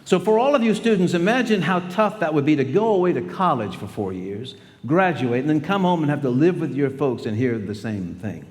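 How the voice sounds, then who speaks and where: A man's voice: a little high, big pitch swings, fairly quick, few pauses, darkish tone. A man in his sixties giving a storytelling speech to students in a large school hall, acting out the voices of people in his stories. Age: 60s. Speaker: guest speaker. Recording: long hall reverb.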